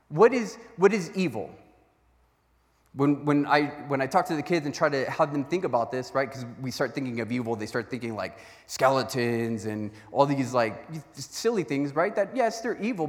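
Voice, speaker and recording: Give me a male pastor with a somewhat high voice, preaching with lively storytelling. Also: big-room sound. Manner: animated storytelling with acted-out voices. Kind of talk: sermon.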